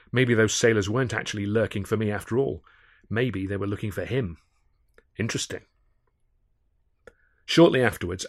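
A man, the author, giving a measured first-person audiobook narration. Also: lowish voice, no room sound, studio quality.

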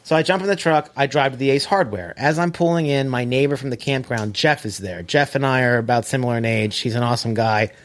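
A man telling a long story in casual chat, animated, swearing and acting out quoted dialogue. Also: medium pitch, fast, hardly any pauses.

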